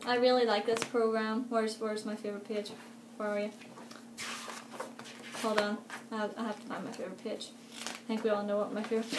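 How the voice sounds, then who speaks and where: A young woman, chatting excitedly in a casual vlog, full of fillers. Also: on the high side. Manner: chatty and gushing, many fillers, laughs often. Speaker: vlogger. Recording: echoey room with faint background noise.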